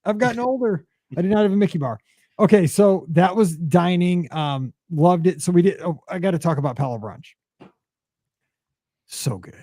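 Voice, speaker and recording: A man in his forties, a podcast host, telling a story in casual chat with many fillers and excited jumps in pitch. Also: normal speed, no room sound, clean studio sound.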